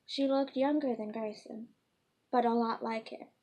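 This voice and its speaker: A woman's voice: a little high, fairly even intonation, mellow. A woman reading her own fantasy story aloud, stumbling and correcting herself often. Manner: halting, frequent self-corrections. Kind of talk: unpolished storybook read-aloud.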